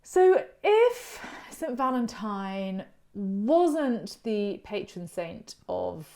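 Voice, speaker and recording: A woman's voice: medium pitch, lively intonation, drawn-out words, mellow. A woman hosting a casual educational chat, talking in a friendly, digressive way and wandering off into personal stories. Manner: chatty and digressive, telling stories on herself. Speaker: host of an online art channel's chat series.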